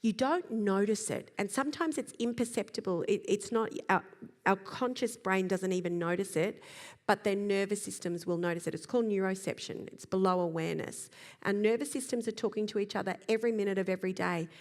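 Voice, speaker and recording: A woman giving a live talk about children's behaviour, explaining in a lively way and acting out little examples. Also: medium pitch, fairly quick. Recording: long hall reverb.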